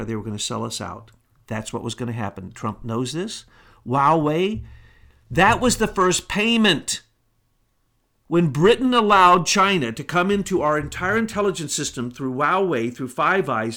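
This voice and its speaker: A man's voice: high voice, bright, forceful tone. A man hosting a talk show, delivering an emphatic, indignant monologue full of rhetorical questions.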